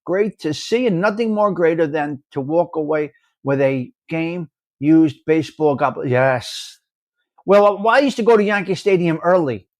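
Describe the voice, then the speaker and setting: A man's voice: a little high, dry recording, studio quality. A man hosting a casual live chat, greeting viewers by name and teasing them about their comments. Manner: animated, teasing, reads out viewer names and comments. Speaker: livestream host.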